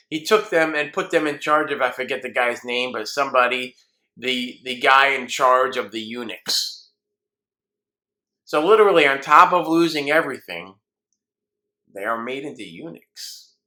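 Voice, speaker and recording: A male pastor gives a sermon in a bright, forceful voice of middling pitch. He tells the story earnestly and voices the people in it. He closes with soft encouragement.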